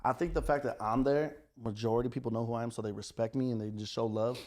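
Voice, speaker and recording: A young man, telling stories in casual podcast chat, animated and profane. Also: mid-range voice, fast. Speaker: podcast guest, restaurant owner.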